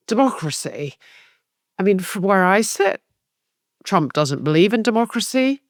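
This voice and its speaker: A woman's voice: lowish voice, dry recording, studio quality. Analytical woman podcast host. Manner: structured, analytical, lays out points in order. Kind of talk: podcast political discussion.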